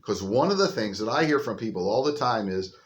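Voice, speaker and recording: An older male pastor with a fairly low voice preaches an informal sermon outdoors. He tells the story in a folksy, chatty way. He speaks into a phone held on a selfie stick. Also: animated, brisk. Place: outdoors on a windy day.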